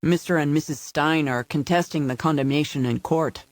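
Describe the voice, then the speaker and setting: A man's voice: fairly high pitch, normal speed, no room sound, close to an everyday voice. Man reading as a humble, polite caretaker. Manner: courteous, formal phrasing. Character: humble, polite male caretaker, soft-spoken.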